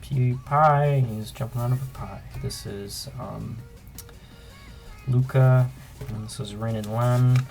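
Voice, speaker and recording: Young man host, unhurried rambling sketchbook commentary, mid pitch, faint background music. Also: vocal fry. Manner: relaxed, rambling, frequent ums. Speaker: artist and channel host. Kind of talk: casual sketchbook flip-through commentary.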